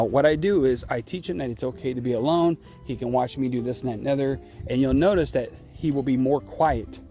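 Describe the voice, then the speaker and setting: A dog trainer, a man, talks through a training session outdoors beside a puppy pen. His voice sits at an ordinary middle pitch, and he keeps pausing to ask "okay?". Faint music plays behind him, and a puppy barks now and then. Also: a little mellow. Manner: explains step by step, often adding a checking "okay?". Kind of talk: casual filmed training demonstration.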